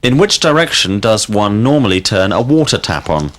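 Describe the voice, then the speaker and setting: A man leads a scripted language drill in a slightly low voice. His pitch moves a lot as he calls out single words and asks questions slowly and deliberately. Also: very animated. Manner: slow, deliberate questioning with clear word prompts. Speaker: teacher.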